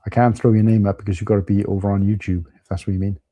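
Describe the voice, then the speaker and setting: A man's voice: fairly low pitch, little pitch movement, racing, dark tone, dry recording. A man with a Welsh accent, chatting casually with viewers as host of a live stream, calling them mate.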